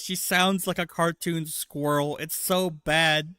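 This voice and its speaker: Streamer guy, rambling crude commentary, fairly high voice, dead-dry mic. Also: fairly even intonation, moderate pace, few pauses, pushed and bright, clear, resonant tone, no echo. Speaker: livestream host. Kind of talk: casual livestream commentary.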